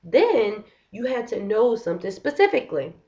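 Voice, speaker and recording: A young woman venting on a casual vlog, talking in an animated, frustrated way and filling her sentences with "like". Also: on the high side, normal speed, muffled recording. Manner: frustrated, animated, heavy use of "like". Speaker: vlogger. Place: living in Korea.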